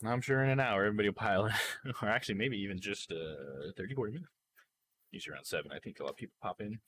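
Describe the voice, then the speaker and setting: A man's voice: on the low side, rapid-fire, fairly bright tone, slight background noise. A man live-streaming a game, chatting with viewers and reading the game's text aloud.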